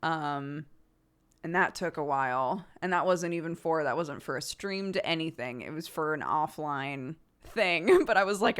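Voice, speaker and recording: A woman's voice: low voice, measured pace, fairly bright tone, clear, resonant tone. A woman streamer chatting casually with viewers, talkative and laughing often, with many fillers. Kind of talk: casual livestream chat.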